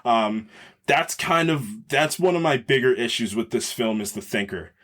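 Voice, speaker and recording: A man talks through a movie review on a podcast, relaxed and unscripted. He rambles and restarts, reaching for the right word as he goes. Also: mid-range voice, moderate pace. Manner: rambling, searches for words mid-sentence. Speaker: podcast host. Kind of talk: casual film review chat.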